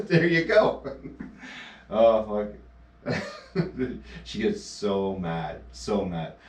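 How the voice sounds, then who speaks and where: A man's voice: lowish voice, very animated, extremely slow. A man live-streaming casual chat, telling teasing stories with lots of laughter and swearing, on an action camera mic. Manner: laughing often, profane, teasing storyteller. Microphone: action camera mic held away. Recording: echoey, distant action camera audio.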